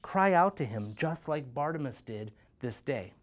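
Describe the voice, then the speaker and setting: A man's voice: medium pitch, animated, measured pace. A man, a youth pastor, giving a devotional sermon and reading scripture in an earnest, conversational way, often checking in with "right?".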